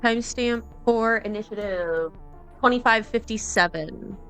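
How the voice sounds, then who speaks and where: A woman running a tabletop game as game master, narrating and calling out turns in a measured way. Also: fairly high pitch, fairly bright tone, faint music behind.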